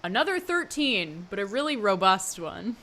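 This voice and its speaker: A woman player at a tabletop game who trades wry quips with the table. Her voice is bright and of middling pitch. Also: sing-song, moderate pace, a little hiss or hum. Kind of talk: casual tabletop game play.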